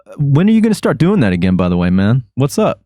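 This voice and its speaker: A man's voice: medium pitch, wildly swooping pitch, fast talker, dark tone, no echo, clean studio sound. A man hosting a podcast, chatting casually and easygoingly with his guest, often trailing off mid-thought. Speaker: podcast host. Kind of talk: casual interview chat.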